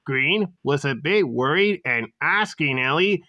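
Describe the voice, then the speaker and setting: A woman's voice: low-pitched, animated, unhurried, sharp tone, dry recording, muffled recording. A woman narrating a homemade school story in a plain, unpolished way.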